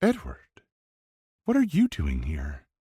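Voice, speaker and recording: A man voicing a composed businesswoman who speaks softly and calmly. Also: lowish voice, normal speed, husky, no room sound, clean studio sound, pitched above the performer's own voice, exaggerated voice. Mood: startled. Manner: soft, pleading. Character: composed businesswoman, gentle but firm.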